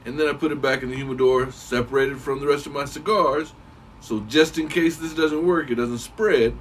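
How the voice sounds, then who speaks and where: A man giving a casual, rambling how-to talk as a cigar reviewer, clearing his throat now and then. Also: mid-range voice, fairly even intonation, normal speed, far from the mic, slight background noise, low-quality recording.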